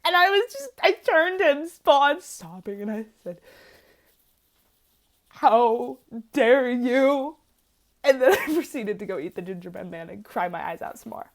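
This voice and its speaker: A young adult woman talking through her sketchbook in a casual vlog, rambling and excitable, laughing often and swearing casually. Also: on the high side, fairly quick, hardly any pauses. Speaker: art student vlogger.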